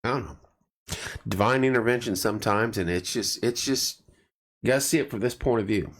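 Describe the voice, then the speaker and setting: A man's voice: lowish voice, brisk. A middle-aged man losing his voice, hosting a casual live chat and greeting viewers by name as he rambles. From central Indiana. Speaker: live stream host.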